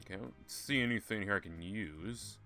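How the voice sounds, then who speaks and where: A man's voice: on the low side, fairly quick, sharp tone, soft background music. A man giving casual, sarcastic, profane commentary while playing a point-and-click game. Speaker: gaming streamer. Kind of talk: casual let's-play commentary.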